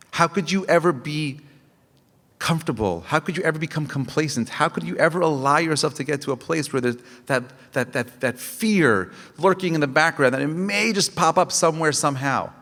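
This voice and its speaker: A man's voice: a little high, fairly bright tone, big-room sound. A man, a rabbi, giving an impassioned Tisha B'Av lecture, asking rhetorical questions and telling stories with frequent restarts.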